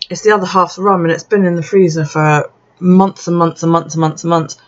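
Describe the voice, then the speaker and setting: Here the journal vlogger's voice sits on the low side, at a moderate pace. She's been drinking and is tipsy, chatting casually as she crafts with plenty of swearing and laughter, on a dull lo-fi recording with faint noise behind it.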